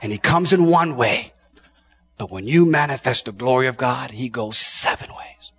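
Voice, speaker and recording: A man preaching a sermon with passion, swinging from shouts down to hushed tones and often repeating his words. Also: medium pitch, animated, normal speed, husky. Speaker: pastor.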